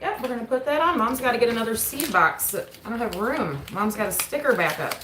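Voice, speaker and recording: Speaking a little high, brisk and animated, this mother and homestead channel host chats through a relaxed livestream mail call at her home table, frequently turning aside to address her kids. Her table camera captures a roomy echo in the house and a noisy background.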